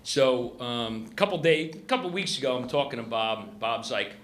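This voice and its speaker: Chatty superintendent guy at a roast, bright tense voice, echoey room. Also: mid-range voice, normal speed. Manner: chatty, lots of fillers and "you know what I mean". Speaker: golf course superintendent. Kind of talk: roast speech, casual storytelling. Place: retirement party at a golf club. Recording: echoey room with faint noise.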